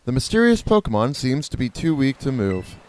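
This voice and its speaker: In a dry recording, a man with a medium-pitched, sing-song, slightly mellow voice talks briskly over his gameplay. It's a relaxed let's-play from a video host who rambles, jokes around, corrects himself, and imitates the cries of creatures.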